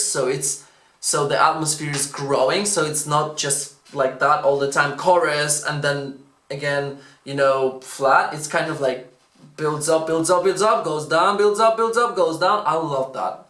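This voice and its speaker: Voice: mid-range voice, fairly bright tone. A vocal coach giving casual, enthusiastic reaction commentary, often breaking into exclamations. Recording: roomy echo, faint music behind.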